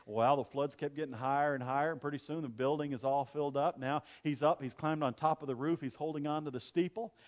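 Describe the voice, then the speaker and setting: Man preaching, storytelling pastor, slightly raised pitch, emphatic repetition, muffled lo-fi sound. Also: steady tone, fast talker, hardly any pauses. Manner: storytelling, emphatic repetition, swings between loud preaching and quiet asides. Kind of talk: sermon.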